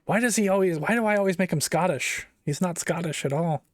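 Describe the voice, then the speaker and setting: A man chatting casually on a livestream while he builds, in rambling, self-mocking asides. His voice sits a touch high for a man and is recorded dry, with no room sound. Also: brisk, no room sound. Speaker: streamer.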